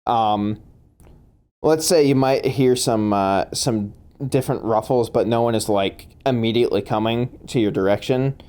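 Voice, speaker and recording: A man's voice: medium pitch, normal speed, darkish tone, clear, resonant tone. A man running a tabletop game as game master, laughing often and talking with many fillers and restarts.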